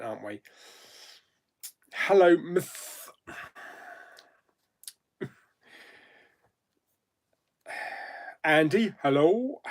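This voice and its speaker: A man hosting a live chat stream, greeting viewers one by one by name in an easygoing, chatty way. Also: medium pitch. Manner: easygoing, thinks aloud with ums and asides.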